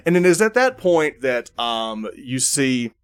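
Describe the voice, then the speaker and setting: A man's voice: medium pitch, sing-song, a little slow, clean tone. Rambling male game master. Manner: rambling, many fillers and restarts. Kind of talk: narrating a tabletop game.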